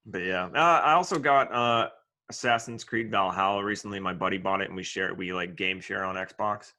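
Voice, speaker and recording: A man's voice: low-pitched, moderate pace, bright, forceful tone. A man in casual chat with friends, laid-back and swearing casually.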